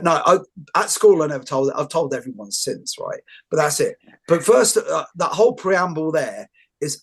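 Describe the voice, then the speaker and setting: A man's voice: fairly high pitch, breathy edge. A man interviewing a guest, telling long jokey stories in a casual chat. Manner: rambling storyteller, jokey asides.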